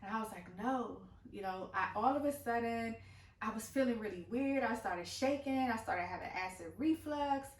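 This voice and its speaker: A woman in her thirties, a mother, tells the story of her twins' birth in an emotional, halting way, restarting often. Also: fairly high pitch, distant mic. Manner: emotional retelling with many restarts and fillers. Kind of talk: personal storytelling vlog. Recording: echoey room, voice from off-mic, faint ambience.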